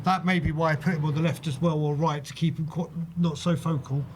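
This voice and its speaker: A man with a fairly high voice explains calmly on a fan panel. He is heard from a distant mic, with clear background noise. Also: a little fast. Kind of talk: football fan show discussion.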